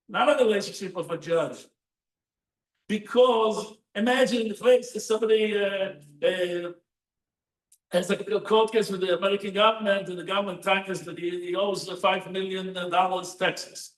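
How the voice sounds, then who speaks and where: A man, a rabbi, giving a sermon with animated storytelling and lots of rhetorical questions, recorded in a synagogue hall. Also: high voice, measured pace. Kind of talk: Torah sermon. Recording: roomy echo, distant mic.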